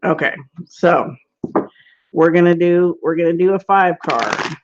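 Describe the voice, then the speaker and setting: A woman's voice: on the low side, measured pace, background noise. Chatty woman teaching tarot online. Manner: chatty, rambling, laughs often, many "like"s. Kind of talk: casual online class. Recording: dull lo-fi webinar audio.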